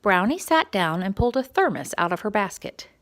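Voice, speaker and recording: A woman reading a quiet story time picture book aloud for young children, gentle and expressive. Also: mid-range voice, brisk.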